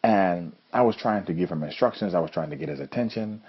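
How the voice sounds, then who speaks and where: Brief: very low, husky male coach telling stories earnestly in a motivational talk, dull lo-fi recording. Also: expressive, a little fast. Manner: earnest storytelling. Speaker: judo coach and host. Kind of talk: motivational monologue.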